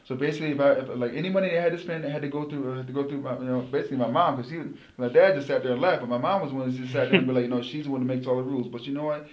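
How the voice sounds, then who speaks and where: A middle-aged man, a former pro football player, speaks as an interview guest at a brisk pace. He rambles and restarts phrases as he goes. His voice carries a roomy echo. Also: medium pitch, highs cut off. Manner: rambling, repeats words as he restarts. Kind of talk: casual interview storytelling.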